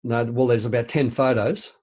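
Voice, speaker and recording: A man's voice: medium pitch, fairly even intonation, moderate pace, darkish tone. An older man co-hosting a podcast, chatting casually in a rambling, hesitant way and laughing easily. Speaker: podcast co-host. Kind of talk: casual chat.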